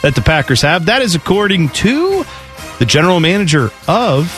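A chatty, opinionated man talks sports on the radio, his voice sitting a touch high for a man. He rolls from one item to the next and mimics the people he quotes. Faint music plays underneath. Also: big pitch swings, moderate pace, a bit bright. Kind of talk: casual sports radio chat. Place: radio studio.

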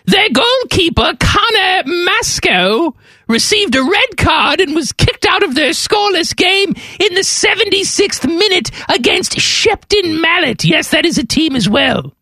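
A woman's voice: very high-pitched, very animated, a little slow, bright, forceful tone, dry recording, studio quality. A woman co-hosting a radio show, reading a funny news story in a dramatic, emphatic way. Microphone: studio microphone.

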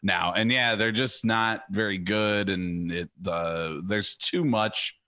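A man's voice: fairly low pitch, takes it slowly, bright, forceful tone. A man co-hosting a podcast, chatting casually in an opinionated way and drifting into tangents. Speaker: podcast co-host. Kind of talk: casual chat.

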